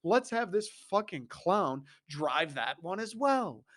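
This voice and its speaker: A man's voice: high-pitched, big pitch swings, slow pace, fairly bright tone. A young man, host of a sports talk show, ranting with profane exasperation and mocking laughs. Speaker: podcast host.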